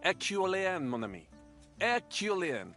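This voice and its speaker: A fussy, theatrical language tutor. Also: male voice, high-pitched, very animated, a little slow, bright, forceful tone, faint music behind, heavily acted. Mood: patient, exacting. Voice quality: precise, exasperated tutoring manner. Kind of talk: game voice acting.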